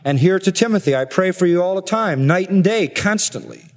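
A man preaching an expository sermon earnestly, slowing down and rising in pitch to stress his points. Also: animated. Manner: earnest preaching, slows and rises for emphasis. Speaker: pastor. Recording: long reverb of a large hall.

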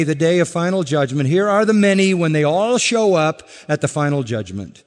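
A male pastor preaching a sermon emphatically, repeating key words and letting line ends fall soft and low. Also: sing-song, normal speed, hardly any pauses. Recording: long reverb of a hall.

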